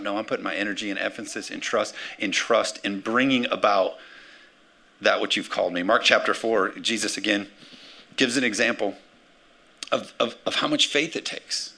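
A man preaching a sermon as pastor, energetic, calling for amens and acting out the words of scripture figures. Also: mid-range voice. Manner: energetic, calls for amens, acts out quotes.

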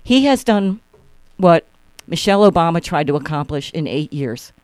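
A man's voice: a little high, big pitch swings, moderate pace, a little mellow, clear, resonant tone, dry recording. A man co-hosting a talk radio show, telling a story casually and animatedly, acting out the people he quotes. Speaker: guest host.

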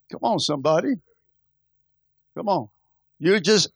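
High bright-voiced guy preaching, keeps going "come on somebody", gets shouty. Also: animated, normal speed, dry recording. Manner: preachy call-and-response, repeats "come on, somebody"; builds to shouting. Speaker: pastor. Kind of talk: sermon.

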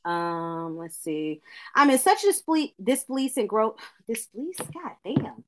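A woman's voice: on the high side, big pitch swings, a little slow, fairly bright tone. A woman co-hosting a casual podcast, reading a listener's letter aloud with small stumbles.

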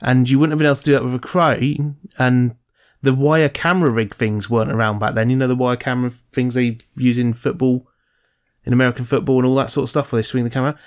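Male co-host, casual and sweary, rambles through movie trivia, mid-pitched voice. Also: steady tone, fast. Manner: rambling, sweary, enthusiastic about film trivia. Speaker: podcast co-host. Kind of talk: casual chat.

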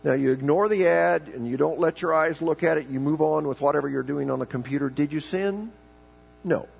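A man's voice: a little high, fairly quick, creaky, breathy edge, low-quality recording. A man preaching a folksy, joking sermon in church, often repeating words as he starts a thought. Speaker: pastor.

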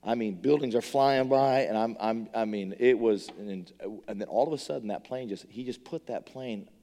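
A middle-aged man giving a sermon testimony, telling his story with animated energy and tripping over repeated words. His voice sits at a middle pitch, and a long reverb trails each phrase through a big hall. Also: moderate pace. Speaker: preacher.

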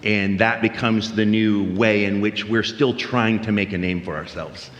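A man's voice: on the low side, steady tone, measured pace, fairly bright tone, muffled recording. A middle-aged man preaching a sermon in a conversational way, telling stories with many fillers and restarts. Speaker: pastor. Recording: roomy hall reverb.

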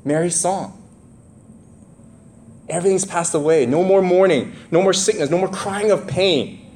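A man's voice: sits high, unhurried. A man preaching a sermon, reading scripture aloud in a raised voice and breaking off into casual, joking asides to the congregation. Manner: animated, rising to read scripture, conversational asides. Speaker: pastor.

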